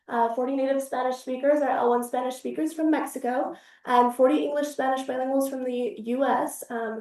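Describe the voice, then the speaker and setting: A woman's voice: sits high, a little mellow. A young woman, a university student, giving a casual, upbeat research presentation with frequent fillers. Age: young adult. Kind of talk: academic research talk. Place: university seminar room. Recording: echoey room, speaker far from mic.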